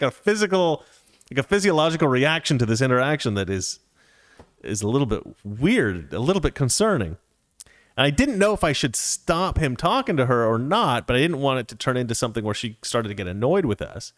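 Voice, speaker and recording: Animated male podcast host, dry sound. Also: medium pitch, fast talker, no room sound. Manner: animated, acts out voices in anecdotes, laughs often. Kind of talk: casual storytelling and reading viewer comments.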